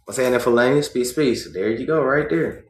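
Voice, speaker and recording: A man's voice: medium pitch, echoey room. A man hosting a livestream, reading a book aloud and stopping often to explain it in his own words, checking in with "right?". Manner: reads slowly, stops to explain and asks "right?". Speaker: livestream host.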